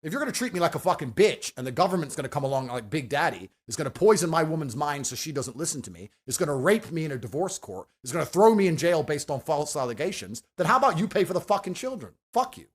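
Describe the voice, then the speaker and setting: A man ranting forcefully and profanely in a heated podcast debate. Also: a little high, sing-song, fast talker, hardly any pauses. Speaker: podcast guest.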